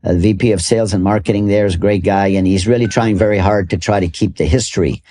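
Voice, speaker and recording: A man's voice: deep voice, quick pace, mellow. An older man from Canada, a golf club ambassador, telling stories in an interview with many restarts and laughs. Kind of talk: storytelling interview.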